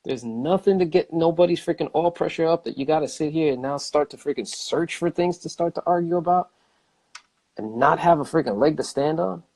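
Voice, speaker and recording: Animated man ranting casually. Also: on the high side, a little fast. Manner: animated, emphatic, repeats himself, swears. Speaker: vlogger. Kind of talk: casual vlog rant.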